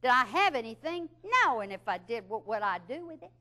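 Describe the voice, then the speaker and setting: A woman spins a comic story in a bright, high voice. She talks in a lively, chatty way and laughs through her tale. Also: brisk, a little hiss or hum. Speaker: speaker telling a story.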